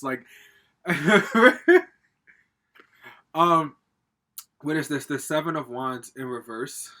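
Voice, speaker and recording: A man's voice: on the high side, takes it slowly, pauses often, pushed and bright. A man giving a casual pick-a-card tarot reading at home, talking straight to viewers in a loose, profane, rambling way with plenty of fillers. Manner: rambling with frequent fillers and laughs. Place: home, with a laptop.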